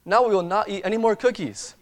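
A man's voice: high-pitched, fast, pitched above the performer's own voice, natural voice. A man voicing a sensible, patient male frog while reading a children's story aloud. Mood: earnest.

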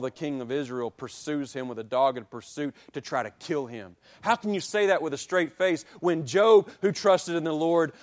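A man preaching a sermon, building to loud peaks and dropping low and quiet, with repeated rhetorical questions to the congregation. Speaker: pastor.

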